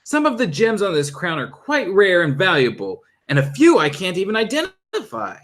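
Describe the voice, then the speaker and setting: A fussy elderly male curator, put on by a man reading a chapter book aloud. He talks politely and eagerly, pitched higher than a plain reading voice, with a lively rise and fall. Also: normal speed, exaggerated voice. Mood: scholarly.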